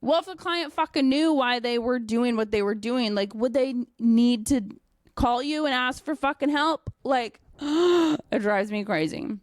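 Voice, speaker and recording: A young adult woman dog trainer talking casually and bluntly about teaching clients, animated and swearing freely. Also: a little high, unhurried, no room sound, studio quality.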